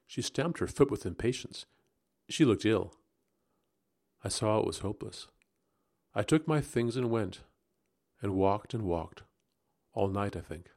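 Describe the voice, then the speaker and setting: A man narrating a gothic story aloud in the first person, expressive and rising into agitation at tense moments. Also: fairly low pitch, normal speed. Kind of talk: dramatic audiobook narration.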